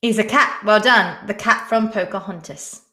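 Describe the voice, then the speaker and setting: A woman's voice: medium pitch, moderate pace, pushed and bright. A woman hosting a live-stream quiz, chatting casually and reading out viewers' names and answers. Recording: echoey room.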